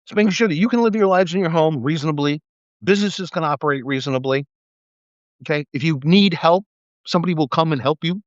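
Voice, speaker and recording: Talking fast in a fairly high voice, this ex-cop rants and spins stories on a livestream, laughing, swearing a lot, and doing the voices of people he quotes. His livestream mic gives a muffled sound with no room tone.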